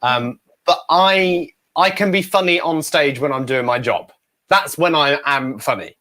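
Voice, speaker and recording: A man's voice: on the high side, measured pace, bright, forceful tone. A young English man, a ventriloquist guest, telling stories in a chatty, self-deprecating way. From England. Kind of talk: casual interview chat.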